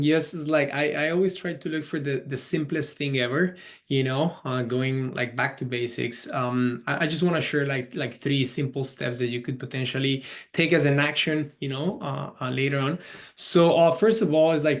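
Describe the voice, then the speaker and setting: Halting man on a sales webinar. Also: medium pitch. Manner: halting, many fillers and restarts. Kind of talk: casual webinar talk.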